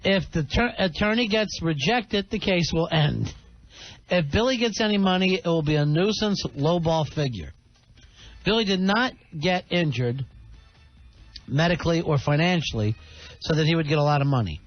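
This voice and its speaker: A man's voice: on the high side, expressive, moderate pace. A man hosting a radio talk show, teasing a colleague and reading listener messages aloud. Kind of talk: casual radio banter. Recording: dull radio broadcast audio with faint hiss.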